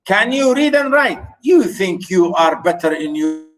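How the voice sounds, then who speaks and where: A man voicing a scornful, abusive father who shouts taunts at his educated son, read aloud in a lesson. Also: very animated, unhurried, poor audio. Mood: shouting taunts. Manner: shouting, taunting, high and strained. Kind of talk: dramatic reading aloud.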